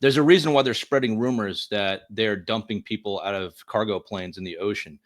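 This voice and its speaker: A man's voice: on the low side, brisk. A man co-hosting a podcast, talking earnestly and emphatically in a casual political discussion, often repeating words as he thinks. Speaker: podcast co-host.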